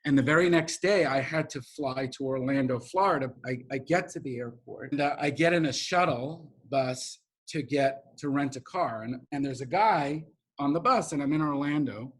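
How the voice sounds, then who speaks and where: A middle-aged man with a New York accent, telling a heartfelt story as an interview guest, emotional and animated, acting out the people he quotes. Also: mid-range voice, normal speed, slightly rough.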